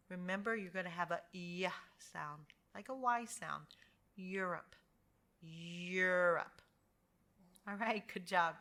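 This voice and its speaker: Slow, bright-voiced American woman teacher. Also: mid-range voice. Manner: drawn-out modeling of sounds, encouraging. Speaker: pronunciation teacher. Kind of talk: slow phonics lesson.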